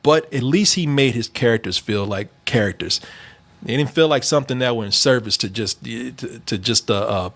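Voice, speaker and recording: A man's voice: mid-range voice, normal speed, creaky, fairly bright tone. A man hosting a casual movie review chat, talking loosely with lots of laughs, fillers and restarts. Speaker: movie review show host.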